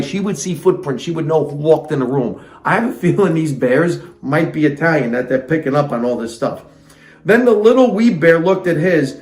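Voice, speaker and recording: A man with a slightly high voice reads a fairytale aloud in an echoey room, repeatedly breaking off into sarcastic, indignant comic rants.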